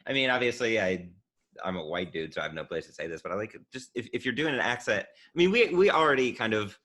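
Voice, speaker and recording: A man's voice: on the low side, expressive, fast talker, fairly bright tone. A man hosting a podcast, talking in casual chat and often searching for words. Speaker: podcast host.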